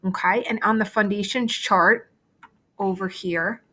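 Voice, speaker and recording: A woman's voice: mid-range voice, steady tone, measured pace, sharp tone. A woman teacher giving a remote phonics lesson over shared slides, explaining step by step and often checking in with "okay?".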